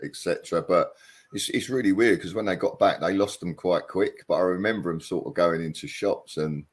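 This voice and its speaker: A middle-aged man from England, a former footballer chatting in an interview, hesitant and self-deprecating with many pauses and ums. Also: deep voice, husky. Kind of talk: casual interview chat.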